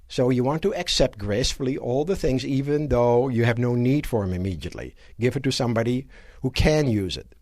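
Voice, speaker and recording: Animated man lecturing at a seminar. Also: mid-range voice, a little fast, no echo, studio quality. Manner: animated, asks the audience rhetorical questions. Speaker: seminar speaker. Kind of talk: live motivational seminar lecture. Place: seminar room before a live audience.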